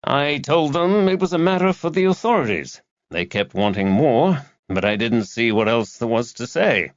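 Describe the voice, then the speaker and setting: A man voicing a soft-spoken, courteous earl with a New England accent. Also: medium pitch, big pitch swings, normal speed, no room sound, muffled recording, voice pushed up, lightly acted. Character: gentle American earl, soft-spoken scholar.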